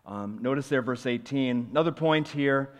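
A male pastor preaching a sermon in a church, earnestly swinging between loud emphasis and quiet, confiding asides. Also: medium pitch, moderate pace. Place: church sanctuary. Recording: long reverb of a large hall.

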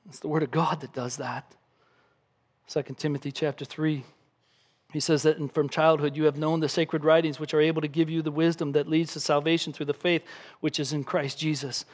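A man's voice: a little high, little pitch movement, a little fast. A man preaching a sermon as pastor, reading scripture aloud and building points with emphatic repetition. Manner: emphatic preaching, acts out a crying baby with shouts.

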